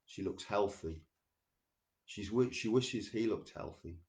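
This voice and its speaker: A man hosting a show, reading poems slowly and deliberately and chatting loosely between them. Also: on the low side. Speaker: radio show host. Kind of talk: poetry reading with casual asides.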